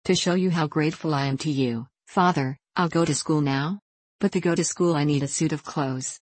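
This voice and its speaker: A woman's voice: low voice, normal speed, no room sound. A woman reading the part of a hungry, complaining wooden puppet boy in an audiobook. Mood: pleading. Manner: pleading, complaining. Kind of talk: audiobook character voice.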